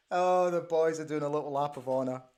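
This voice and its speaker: A man hosting a live football watch-along show from a studio, excitable and exclaiming, often repeating himself as he reacts to the match. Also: a little high. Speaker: host.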